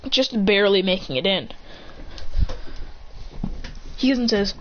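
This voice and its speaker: A woman casually retelling an imagined story, rambling and excitable, with sound effects and restarts. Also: mid-range voice, measured pace. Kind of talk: casual fan-fiction retelling. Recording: dull lo-fi home recording with faint hiss.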